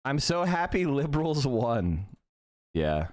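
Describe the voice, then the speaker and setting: A man's voice: mid-range voice, big pitch swings, takes it slowly, a little mellow. A man ranting heatedly and with a lot of swearing while hosting a live stream. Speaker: streamer host.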